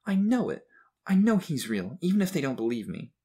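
A man voicing a timid young boy who is tearful and hopeful, in a high, shaky child voice. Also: expressive, normal speed, breathy edge.

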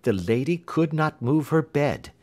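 A man reading an audiobook who voices a keen, confident Victorian male detective, raising his voice and explaining briskly. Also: a little high, voice pushed up. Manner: brisk, lively, lecturing.

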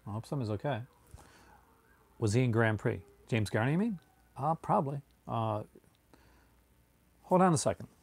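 Speaking with a Newfoundland accent, a man from Newfoundland, Canada, answers viewer chat on his stream in a medium-pitched, husky, slightly mellow voice. He moves at a moderate pace with long pauses, chatting casually and drifting through tangents, captured in a dry recording.

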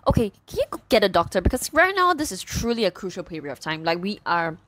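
A woman's voice: fairly low pitch, fairly quick, fairly bright tone, dry recording. A woman voicing a panicked young husband who is a medic, talking in a frantic, pleading way.

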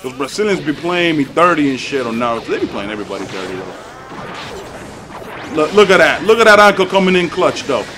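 A man's voice: on the high side, a little fast, background noise. Hyped, foul-mouthed man calling gameplay. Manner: excitable, profane trash talk, swings between hype shouts and mutters. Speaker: gaming YouTuber. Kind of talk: live gameplay commentary.

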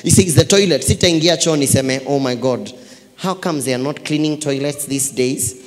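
Pastor preaching in an echoey hall. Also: male voice, a little high, normal speed. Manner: animated preaching, swings from hushed asides to loud exclamations, repeats phrases. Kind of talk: sermon. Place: church.

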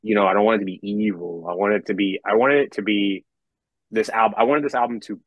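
A man's voice: lowish voice, fairly even intonation, fast talker, no echo, muffled recording. A young man, a metal songwriter, talking casually on a podcast, rambling with many restarts and casual swearing.

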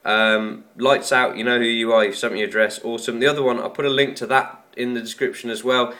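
Male tech vlogger, chatty and self-deprecating, bright edge to the voice. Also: medium pitch, flat delivery, fast talker. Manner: rambling, chatty and self-mocking. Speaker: tech YouTuber. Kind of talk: casual unboxing vlog.

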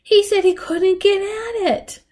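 A woman reading aloud, voicing a forgetful, vague old grandmother in a slow, wandering way. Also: very high-pitched, steady tone, a little mellow, pitched above the performer's own voice. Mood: faraway.

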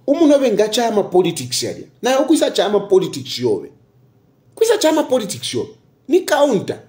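A man with a Zambian accent delivers fiery political commentary, his voice rising and falling dramatically as he repeats his key lines. He keeps throwing out rhetorical questions in a darker, mellow tone. He slips between English and local phrases without pause. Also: high voice.

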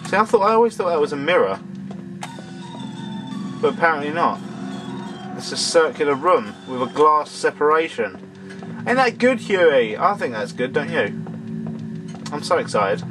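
A man doing let's-play commentary, excitable, swearing at the game and talking to its characters, and a bit hoarse as he loses his voice. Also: fairly high pitch, normal speed, pauses often, music in the background. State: losing his voice. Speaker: let's player. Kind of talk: gameplay commentary.

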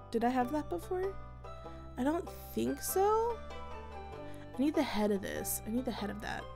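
Bubbly, excitable young woman gamer. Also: on the high side. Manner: bubbly, excitable, chatty, talks to her viewers. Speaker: gaming video host. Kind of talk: casual gameplay commentary.

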